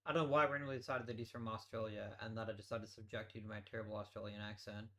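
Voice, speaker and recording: A man's voice: fairly low pitch, little pitch movement, very fast, bright, forceful tone. A man hosting a let's play, giving casual gameplay commentary as he thinks aloud and swears offhandedly.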